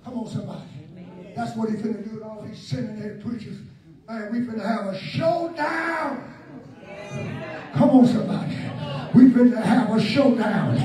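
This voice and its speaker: A man preaching a sermon, shouting call-and-response lines and then dropping to quiet talk. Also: sits high, moderate pace, a crowd in the background. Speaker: pastor. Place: large church sanctuary. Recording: echoey church hall from far off.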